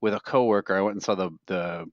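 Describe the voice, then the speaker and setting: A man with a low voice co-hosts a podcast, talking quickly with fairly even intonation as he rambles through casual, funny stories and often laughs at them. The dry, slightly dull podcast mic picks up no echo.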